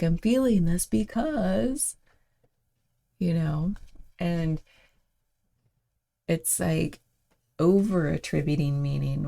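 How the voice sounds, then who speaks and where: A woman with a low, mellow voice and a gravelly edge talks through a reflection at her own pace. She meanders, leans on fillers and breaks into soft laughs. It sounds like a casual spoken reflection by the host of a daily show.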